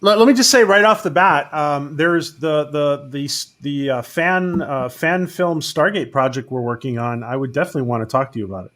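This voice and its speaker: A man hosting a casual video call chat, halting and full of restarts. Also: on the high side, fairly bright tone.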